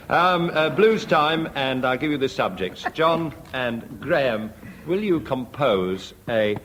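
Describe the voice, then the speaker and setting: A man chairing a radio comedy panel game, briskly announcing scores and setting rounds in a dry manner. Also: medium pitch. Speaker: quiz chairman. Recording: old radio broadcast with noise and audience.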